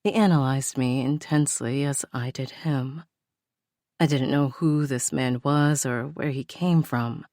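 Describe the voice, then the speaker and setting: A woman reading a first-person romance novel aloud in a sultry, unhurried narration. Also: a bass voice, mellow, dry recording, clean studio sound. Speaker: audiobook narrator.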